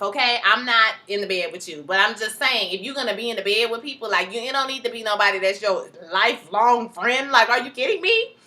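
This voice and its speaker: A woman recapping a TV episode in casual chat, animated, acting out the characters' lines as she goes. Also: on the high side. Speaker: TV show recapper.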